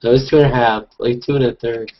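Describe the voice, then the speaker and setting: A man's voice: medium pitch, fairly even intonation. Joking man hosting a video chat. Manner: joking, rambling, quick asides. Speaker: host and hangout organizer. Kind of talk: casual group video chat. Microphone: video call. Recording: dull lo-fi video call audio.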